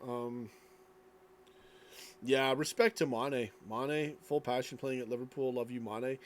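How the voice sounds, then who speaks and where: A man's voice: mid-range voice, steady tone, moderate pace, slight background noise. A tired man streaming late at night, reading chat and rambling casually, yawning as he talks. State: sleepy, yawning.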